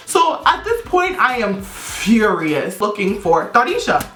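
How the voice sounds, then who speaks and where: A young woman vlogger telling a personal story to camera, casually, in an animated and blunt way with casual profanity. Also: mid-range voice, a little slow, hardly any pauses, far from the mic. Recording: roomy echo with faint music.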